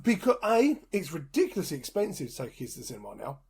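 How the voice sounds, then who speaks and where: A man's voice: on the high side, wildly swooping pitch, fast talker, creaky, darkish tone, husky. A man co-hosting a podcast, telling stories in an emphatic, casual way. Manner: storytelling, emphatic. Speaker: podcast co-host.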